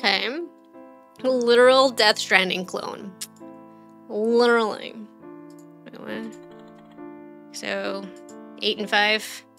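A woman's voice: medium pitch, fairly even intonation, slow, creaky, long pauses, fairly bright tone, soft background music. A woman streamer giving casual let's-play commentary, chatty, thinking aloud and quizzing the game characters.

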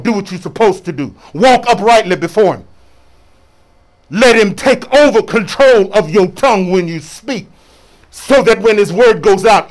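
A bishop preaching from the pulpit in a high, lively voice that swoops up and down. He talks in a loose, colloquial way and keeps drawing the congregation into call and response. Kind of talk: sermon.

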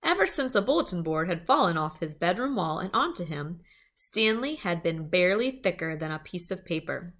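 A woman's voice: fairly low pitch, normal speed. A woman reading a children's chapter book aloud, with small asides to her listeners. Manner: lively storytelling, small asides.

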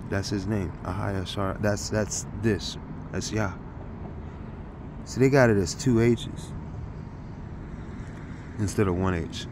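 A man giving an informal scripture study talk, thinking aloud with halting restarts and sudden bursts of excited realization. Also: fairly low pitch, background noise. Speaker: Bible teacher.

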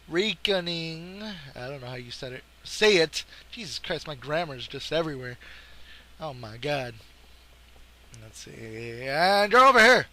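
A young man commentating his own gameplay, trash-talking and often breaking into yells. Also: a little high. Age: young adult. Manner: excitable, trash-talking, swings to yelling.

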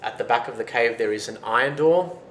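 Blind hairy giant hermit, loud and raised in pitch, as a male storyteller puts him on; roomy room, faint hiss. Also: fairly quick, natural voice. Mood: helpful.

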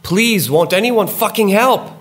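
A man's voice: high-pitched, lively intonation, unhurried, fairly bright tone, pitched above the performer's own voice, heavily acted. A man voicing an eerie disembodied voice that poses as a girl, crying out for help in desperate shrieks. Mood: pleading, shrieking. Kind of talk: dramatic story reading.

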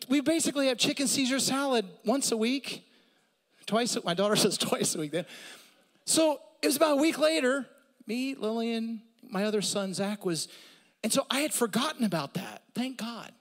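A middle-aged pastor preaches in a high, bright voice that carries through a church with long reverb. He tells his stories with energy, climbing up and getting louder for the humor. Then he drops low and soft to press his point. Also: expressive, moderate pace. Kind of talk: sermon. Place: church sanctuary.

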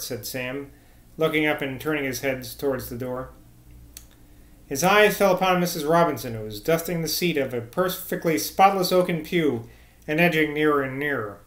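A man narrating a classic novel as an audiobook reader, in a measured literary manner. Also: fairly high pitch, fairly bright tone. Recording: echoey room.

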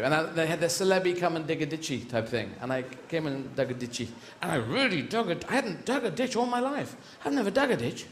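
Excitable comedian, lively pitch. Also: male voice. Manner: rambling, excitable, swears freely, jumps into voices. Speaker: stand-up comedian. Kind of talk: live stand-up routine. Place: live comedy venue. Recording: echoey live venue with background noise.

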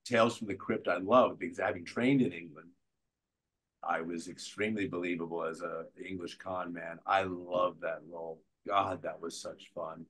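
An older man with a low, husky voice talks through stories from his career as a guest on a podcast. He tells them with energy and bursts into the voices of the people he quotes. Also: normal speed, poor audio. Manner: animated storyteller who acts out quotes. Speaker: guest actor. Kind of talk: conversational interview storytelling.

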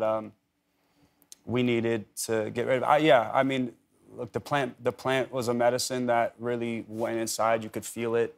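A man's voice: medium pitch, vocal fry. A man in his thirties, a talk show guest, rambling through anecdotes with lots of "like" and restarts in casual chat. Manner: rambling storyteller, heavy on "like" and restarts. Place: TV studio.

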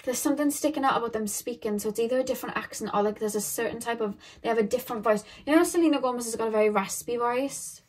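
A woman's voice: fairly high pitch, quick pace, few pauses, slightly rough. A woman giving a casual pick-a-card tarot reading to her viewers, rambling and thinking aloud with lots of filler words.

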